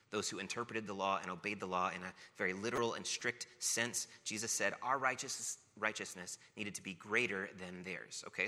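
Here a man preaches in a low-leaning, bright, forceful voice, spinning family tales at his own expense before getting to the lesson. He is a pastor, and the recording carries the long reverb of a large hall.

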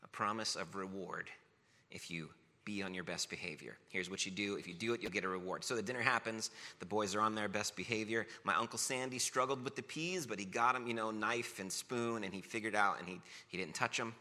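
Bright-voiced male pastor in echoing hall. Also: fairly low pitch, brisk. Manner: storytelling with playful self-mockery. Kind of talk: sermon. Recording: long reverb of a large hall.

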